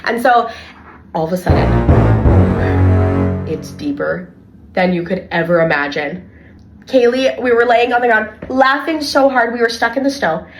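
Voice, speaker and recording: A young adult woman, co-hosting a casual podcast and telling animated stories from her childcare work with lots of "like". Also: a little high, moderate pace, long pauses, over music. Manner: animated storyteller, heavy filler "like". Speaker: podcast co-host and childcare worker.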